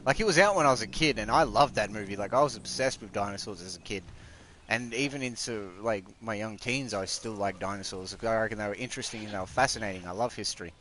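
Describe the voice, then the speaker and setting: A man's voice: fairly low pitch, quick pace, a bit bright, slight background noise. A man, chatting casually and rambling while live-streaming a game at home. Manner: rambling, chatty, talks aside to family.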